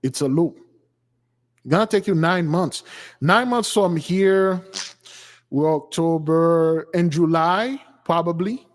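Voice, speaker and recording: A man's voice: a little high, slow. A man giving an informal sermon-style talk, emphatic and repetitive in how he drives his points home. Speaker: spiritual teacher. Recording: long hall reverb.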